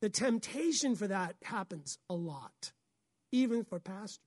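A woman pastor, preaching a sermon in an animated way, often acting out voices and laughing. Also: mid-range voice, measured pace, no echo, studio quality.

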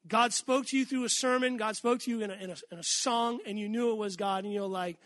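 A man's voice: sits high, steady tone, a little fast, few pauses, a bit bright, dry recording. A man preaching an earnest, emphatic sermon, calling out to the congregation for amens.

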